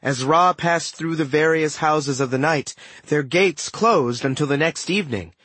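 A man giving expressive first-person audiobook narration in a close studio recording. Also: on the high side, a little slow, husky, dry recording. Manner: animated, expressive storytelling.

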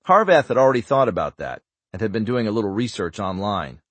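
A man narrating a thriller audiobook in an even, subdued voice. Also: lowish voice, fast, dry recording.

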